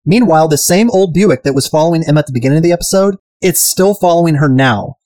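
A man chatting through a TV recap with an irreverent, profane edge. His voice sits a little high for a man, and it is recorded close and dry with no room sound. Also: fast talker, a little mellow, no echo. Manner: irreverent, profane, mimics characters. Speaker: podcast host. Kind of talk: casual episode recap chat.

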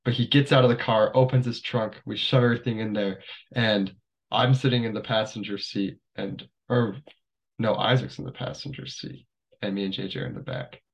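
A man's voice: on the low side, fairly even intonation, normal speed, creaky, muffled recording. Laid-back young man telling stories. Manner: rambling, full of "like" fillers. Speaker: podcast guest. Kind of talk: casual storytelling.

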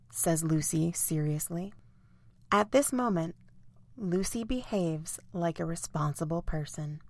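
A woman narrating a children's bedtime story in a clear, expressive way. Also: fairly low pitch, measured pace, dry recording.

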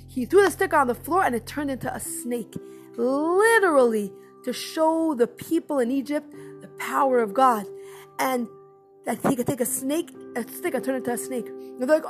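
High-voiced woman telling a story. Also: normal speed, faint music behind. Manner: expressive, emphatic repetition. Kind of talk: animated religious storytelling.

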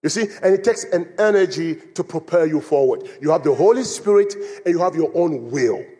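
High-voiced male preacher in a reverberant hall. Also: a little fast. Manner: animated storytelling, acting out quoted voices with laughter. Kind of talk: sermon. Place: church in Phoenix.

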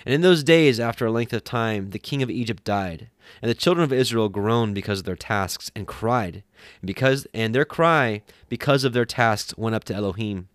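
Low-voiced man reading scripture aloud. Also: normal speed, no room sound, studio quality. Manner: steady reading with small self-corrections. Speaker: scripture reader.

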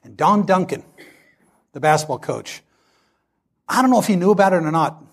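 Gravelly-voiced man in his sixties preaching. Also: high voice, moderate pace. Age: 60s. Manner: storytelling, animated, acts out dialogue. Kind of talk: sermon with personal story.

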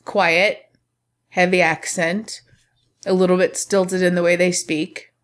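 Opinionated woman, lowish voice. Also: little pitch movement, takes it slowly. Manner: opinionated, talks in long winding runs with quoted asides. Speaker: film review podcast co-host. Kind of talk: casual film discussion.

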